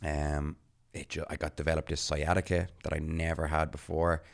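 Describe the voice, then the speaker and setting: A man with a very deep voice co-hosts a relaxed podcast. He tells his stories in a chatty way and laughs often as he talks. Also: moderate pace, gravelly. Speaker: podcast co-host. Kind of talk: casual podcast chat.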